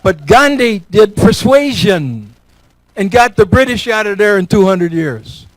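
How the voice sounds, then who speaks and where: High-voiced joking man speaking dry. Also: animated, measured pace, no echo, low-quality recording. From Elmira, New York. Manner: folksy, joking, repeats words for emphasis. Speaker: guest speaker. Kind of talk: speech with audience questions.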